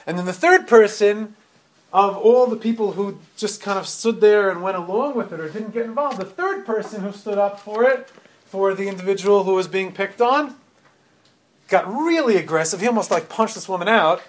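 A man's voice: high voice, moderate pace. A middle-aged man giving a storytelling sermon, retelling events animatedly with frequent restarts and repeated words.

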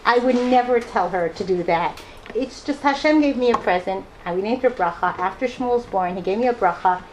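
A woman's voice: mid-range voice, moderate pace, slight background noise, low-quality recording. A mother telling personal stories to a live audience, laughing often and acting out the people she quotes. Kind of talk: personal storytelling talk.

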